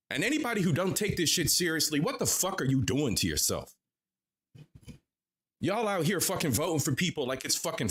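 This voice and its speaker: A man delivers an expletive-laden commentary straight to his audience. His pitch swings widely and his emphasis is hard and blunt. The delivery is loose and unscripted. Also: a bit bright. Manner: angry, cursing, emphatic. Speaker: vlogger commentator. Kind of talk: profane ranting commentary.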